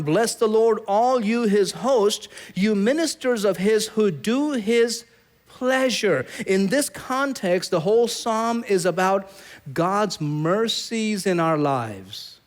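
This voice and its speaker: A middle-aged man from South Asia preaches with a somewhat high voice, moving between teaching and storytelling. He acts out the people in his stories with animated, dramatic voices. His delivery is warm and lively, shaped for a congregation. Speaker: pastor. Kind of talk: sermon.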